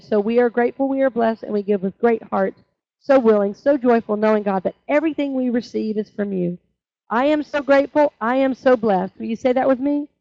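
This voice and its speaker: A woman with a high, bright-pitched voice teaches a church class in a relaxed, chatty way, tossing in little "right?" checks as she goes. The recording is dull and lo-fi, and the sound is close and dry. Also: brisk, no room sound. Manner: chatty, with frequent "right?" asides.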